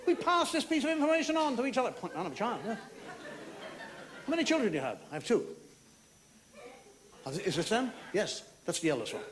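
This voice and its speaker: Stand-up comic, male, high lively voice, wry and mock-outraged, live theatre recording with loud laughter behind. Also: background noise. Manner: wry, storytelling delivery with mock-outraged asides. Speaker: stand-up comedian. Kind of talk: stand-up comedy monologue. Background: audience laughing.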